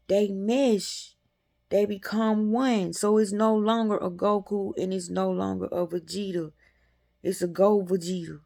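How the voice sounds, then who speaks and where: A woman's voice: medium pitch, creaky, warm tone. A woman hosting a metaphysics channel, giving a casual, colloquial spiritual talk and calling her viewers y'all.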